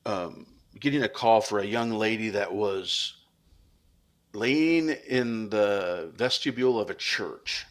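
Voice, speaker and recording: Earnest low-voiced man. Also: fairly bright tone. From United States. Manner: earnest, reflective, halting with restarts. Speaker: podcast guest, reserve police officer. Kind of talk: casual interview talk.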